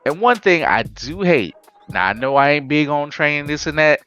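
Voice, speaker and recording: A man with a slightly raised voice hosts a relaxed anime chat podcast, recounting things in lively, slang-filled bursts and laughing often. Faint music sits quietly under his voice. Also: fairly high pitch, moderate pace, dull audio. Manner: animated, laughing, slangy storytelling. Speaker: podcast host.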